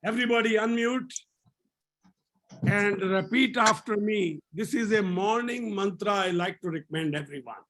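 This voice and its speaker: High-pitched male yoga leader on a video call, energetic, repeats lines for call-and-response. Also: normal speed. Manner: energetic, repeats phrases for the group to echo. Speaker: laughter yoga instructor. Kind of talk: leading an online group session.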